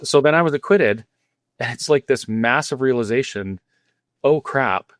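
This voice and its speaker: A man's voice: mid-range voice, normal speed, no room sound, studio quality. A middle-aged man from Alberta, a guest cafe owner, telling his story candidly and earnestly with frequent restarts. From Alberta, Canada. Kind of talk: interview storytelling.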